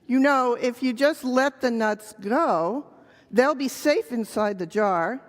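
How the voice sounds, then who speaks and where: A woman's voice: a little high, takes it slowly, big-room sound. Woman as a sleepy, patient owl.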